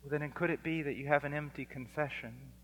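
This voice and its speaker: A man preaching a sermon, impassioned and building to near-shouting on key points. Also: on the high side, fairly even intonation, brisk. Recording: long reverb of a large hall.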